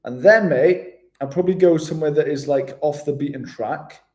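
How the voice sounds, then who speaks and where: Laid-back man with a mellow voice. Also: a little high, moderate pace. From Wales. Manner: laid-back, matey, calls everyone mate. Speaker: travel vlogger hosting a live stream. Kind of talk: casual live-stream chat with viewers.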